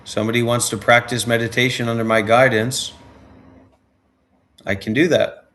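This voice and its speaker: A man's voice: mid-range voice, level tone, normal speed, a bit bright, a little hiss or hum. A man hosting a livestream who talks bluntly and combatively and trades insults. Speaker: livestream host. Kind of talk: livestream chat.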